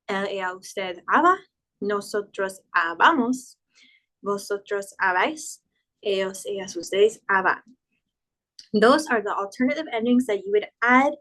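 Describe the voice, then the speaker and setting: Female teacher, patient explainer, walks through conjugation tables slowly and clearly. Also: mid-range voice, fairly bright tone, rough recording. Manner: patient, spells out verb endings, slows down for examples. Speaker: Spanish teacher. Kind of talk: explanatory grammar lesson.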